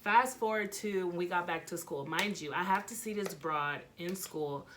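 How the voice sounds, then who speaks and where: Young woman, vlogger, storytime, animated, swearing a lot, slightly low voice. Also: moderate pace, slight background noise. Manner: animated, profane and dramatic storytelling. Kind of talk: storytime vlog.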